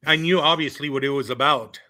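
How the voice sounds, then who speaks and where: A man in his thirties guests on a sports podcast and recounts his playing days. His voice is bright and forceful, and his delivery is loose and animated. He leans on fillers and breaks into laughter. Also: a little high, brisk. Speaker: former college baseball player, guest. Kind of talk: casual storytelling on a podcast.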